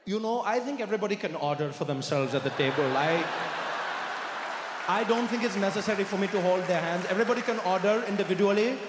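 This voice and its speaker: A man, a comedian, telling a comic story in an animated, self-mocking way. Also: sits high, fast talker, crowd noise. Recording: echoey hall, background noise.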